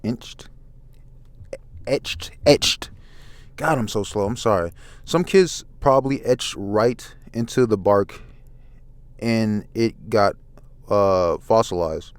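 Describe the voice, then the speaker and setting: A man in a soft-spoken ASMR comic review, reading haltingly, stumbling over words and apologizing. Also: on the low side, dry recording. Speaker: ASMR manga reader.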